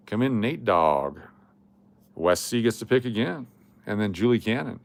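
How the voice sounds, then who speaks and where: A man's voice: on the low side, lively intonation, normal speed, gravelly. A middle-aged man from Las Vegas hosting a casual coin live stream, chatting and reading viewer comments aloud. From Las Vegas, Nevada. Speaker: livestream host running coin giveaways.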